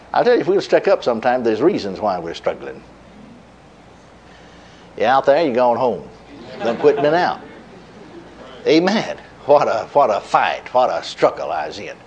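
A man's voice: highs cut off, slight background noise. A middle-aged man preaching a sermon, telling a story in a folksy way with chuckles and repeated words. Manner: lively pitch, dropping low at line ends.

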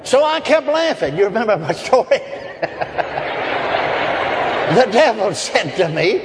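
A man preaches a sermon in an unhurried, high voice with big swings in pitch, spinning folksy stories, chuckling often, and calling on the crowd for amens. Long hall reverb fills the recording.

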